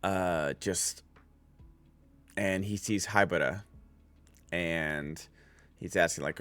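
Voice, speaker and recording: A man's voice: low voice, slow pace, long pauses, a bit bright. A man giving a casual spoken anime review as a streamer, rambling with many filler words and restarts.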